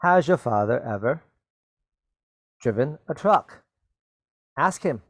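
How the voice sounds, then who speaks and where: Male english teacher talking slow and patient, keeps asking okay? right?, dry close sound. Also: mid-range voice, animated, dry recording. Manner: slow, deliberate explanations with stressed key words. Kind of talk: grammar lesson for Chinese-speaking learners.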